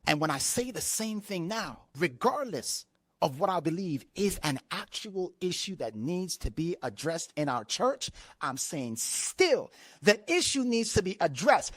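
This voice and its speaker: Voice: mid-range voice, sing-song, measured pace, no room sound. Fired-up preacher, voice jumps all over, dry close sound, keeps repeating himself mid-thought. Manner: impassioned, repeats words and restarts lines; acts out others' words in quoted voices. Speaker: pastor. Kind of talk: sermon.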